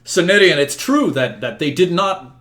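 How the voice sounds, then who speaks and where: A man's voice: a little high, sing-song, noisy background, voice pushed up. A man voicing a flustered knight in a tabletop game, stumbling over his words as he testifies. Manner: stammering and hurried. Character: Sir Brastius, flustered male knight.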